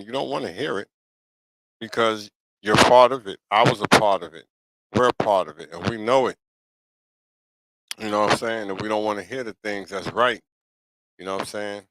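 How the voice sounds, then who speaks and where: A man's voice: lowish voice, a bit bright, poor audio. A middle-aged man hosting a live talk show, talking casually and preachily to his viewers and asking "you know what I'm saying?" again and again. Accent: New York. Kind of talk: casual livestream monologue.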